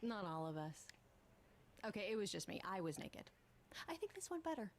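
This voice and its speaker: A woman's voice: medium pitch, sing-song, moderate pace, a little hiss or hum. An actress voicing a cheerful, teasing young woman drummer who supports her friend in a story game. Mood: joking. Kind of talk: game voice acting.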